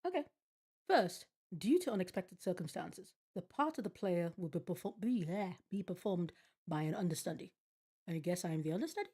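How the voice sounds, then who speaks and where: A woman's voice: on the low side, expressive, normal speed, mellow, husky. Bemused swearing woman streaming a game. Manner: bemused, swears often, reads and reacts. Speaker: gaming streamer. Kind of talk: casual game commentary, reading on-screen text aloud. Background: game music.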